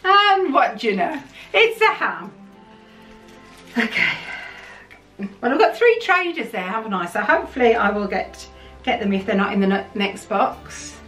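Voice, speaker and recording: A woman talks chattily and excitably, her pitch sitting a little high and swinging widely. She sounds a bit distant from the mic in a roomy space. Soft music plays faintly underneath. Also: normal speed, pauses often. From United Kingdom. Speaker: vlogger. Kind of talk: casual chat while unboxing.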